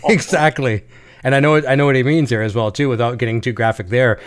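A man hosting a casual interview, talking quickly and eagerly and reading out viewer questions. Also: medium pitch, steady tone, clear, resonant tone. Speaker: interview host.

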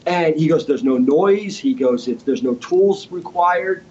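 This man's voice sits on the high side and moves at a measured pace, captured in lo-fi sound with a slight hiss or hum. A guitarist and inventor, he's a guest in a casual home studio interview, telling a story and vividly acting out quoted voices.

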